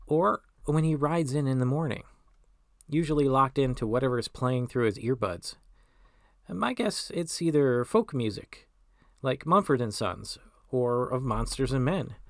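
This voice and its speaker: A man in his forties hosting a solo podcast. He talks in a wry, self-mocking way, with deadpan asides. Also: mid-range voice, no echo, studio quality. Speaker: podcast host.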